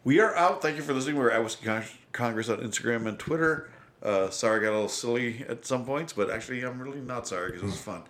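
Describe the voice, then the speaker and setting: A man's voice: mid-range voice, quick pace, fairly bright tone. A man co-hosting a podcast in casual, profane chat, laughing often. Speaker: podcast co-host.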